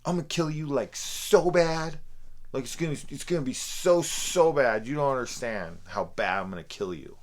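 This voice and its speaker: A man's voice: medium pitch, normal speed, voice pushed up, close to an everyday voice. A man mocking a whiny childish villain. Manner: mocking, exaggerated, drawn out. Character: whiny childish male movie villain, mocked.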